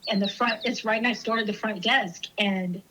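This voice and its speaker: A woman co-hosting a podcast in casual chat, telling stories in an animated way. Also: mid-range voice, moderate pace. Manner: animated storyteller. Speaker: podcast co-host. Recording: noisy recording.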